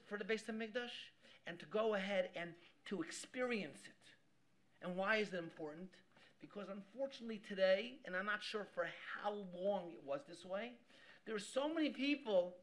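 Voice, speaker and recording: A man, a rabbi, giving a Torah class with animated storytelling, often repeating himself as he goes. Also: sits high. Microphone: live stream mic.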